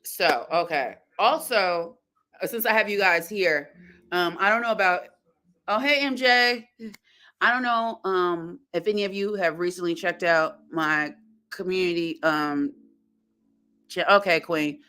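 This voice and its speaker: A woman hosts a casual livestream and chats at an unhurried pace. She talks in a halting, friendly way and greets her viewers one by one as they arrive. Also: fairly low pitch, sharp tone. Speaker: livestream host.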